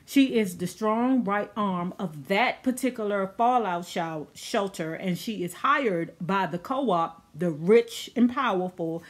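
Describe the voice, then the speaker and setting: Sassy woman recapping a TV show. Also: medium pitch. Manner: sassy, chatty, slangy asides. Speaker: TV recap vlogger.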